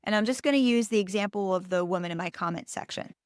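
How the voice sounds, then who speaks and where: A woman's voice: medium pitch, quick pace, smooth, dry recording, studio quality. A woman hosting a podcast, coaching listeners in an emphatic, direct way.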